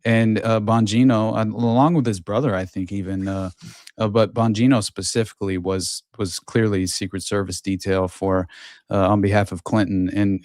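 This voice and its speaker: A man hosts a casual podcast conversation in a low, rather monotone voice. He talks haltingly, stacking fillers and restarting his sentences. The recording is dry, with little room sound. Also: no echo. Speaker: podcast host.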